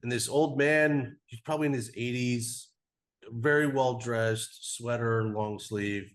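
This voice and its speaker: A man in his forties chats as a guest in a cigar podcast studio, spinning a travel story at an even, middling pitch. He rambles loosely, sprinkling "like" everywhere and swearing casually. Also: a little slow. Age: 40s.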